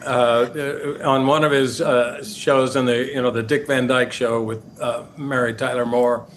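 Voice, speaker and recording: An older man, a guest, telling casual anecdotes, halting with fillers and laughing as he goes. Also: medium pitch, level tone, a little hiss or hum. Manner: halting, many fillers, laughs through stories.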